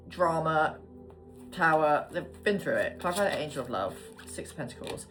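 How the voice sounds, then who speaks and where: Woman, low voice, chatty tarot reader, casual swearing, faint music behind. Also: big pitch swings, a little fast, a bit bright. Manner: chatty, swears casually, murmurs card names. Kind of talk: casual tarot card reading.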